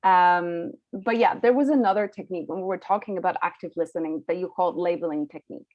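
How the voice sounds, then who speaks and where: A woman's voice: on the low side, fast talker, darkish tone, no echo. A woman co-hosting a live online webinar, talking in a conversational way with some restarts. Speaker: webinar co-host. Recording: dull, dry video call audio.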